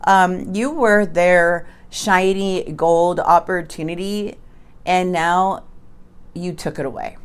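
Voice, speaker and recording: A woman's voice: on the low side, fairly even intonation, slow pace, clean tone. Chatty woman giving a tarot reading. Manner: chatty, stumbles and restarts, emphatic warnings. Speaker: tarot reader. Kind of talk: casual tarot reading to camera.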